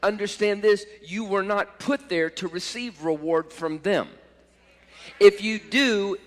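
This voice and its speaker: A man preaching a sermon as pastor, impassioned, swelling to loud cries at times. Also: high voice. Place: church sanctuary. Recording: church hall reverb.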